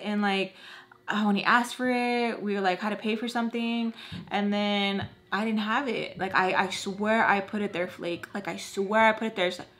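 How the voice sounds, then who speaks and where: A young woman chatting through a storytime while doing her makeup, animated and acting out the other people's lines. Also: medium pitch, brisk. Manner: chatty, animated, acts out quoted voices. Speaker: beauty vlogger.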